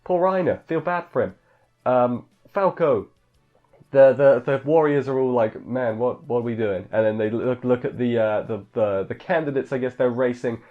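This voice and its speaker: A man's voice: mid-range voice, moderate pace, soft background music. Casual male reviewer, offhand and chatty, dull lo-fi mic sound. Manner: rambling, offhand, filler-heavy, mimics characters in quotes. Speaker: anime reviewer. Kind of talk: casual episode recap.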